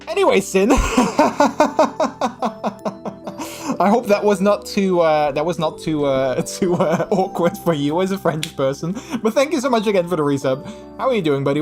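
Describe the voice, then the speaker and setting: A man hosts a live stream, talking to his chat in a gushing, animated way that keeps restarting mid-sentence. His voice sits a bit high, and faint music plays behind him.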